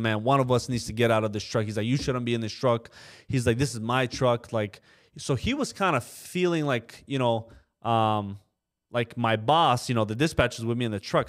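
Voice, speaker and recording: Young guy on a podcast spinning a story, lots of "you know", does little voices for the people he quotes. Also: medium pitch. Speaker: trucking company co-owner, podcast guest. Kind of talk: casual storytelling in a podcast interview.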